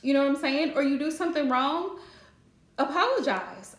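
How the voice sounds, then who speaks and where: Chatty high-voiced woman in an echoey room. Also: animated, normal speed, a bit bright. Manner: chatty, direct, laughs often. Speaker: live-stream host giving relationship advice. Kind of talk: casual live-stream chat.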